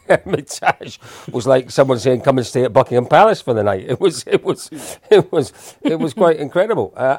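A man in his fifties tells a story on a podcast in a low voice with a gravelly edge. He is chatty and pokes fun at himself as he goes. The sound is dry and close, with no room echo. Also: a little mellow. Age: 50s. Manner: chatty and self-deprecating, with frequent restarts. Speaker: podcast co-host. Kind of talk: anecdotal storytelling, casual chat.

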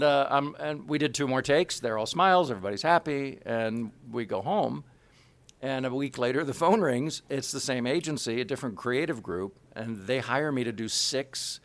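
Gravelly-voiced man, lively storytelling. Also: medium pitch. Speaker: voice actor telling his story. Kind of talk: animated anecdote, acting out dialogue.

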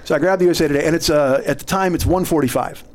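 Middle-aged comedian, slightly high voice, lively storyteller who acts out quotes. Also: male voice, very fast, slight background noise. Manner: animated, laughing storyteller acting out quotes. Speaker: comedian guest. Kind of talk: casual storytelling.

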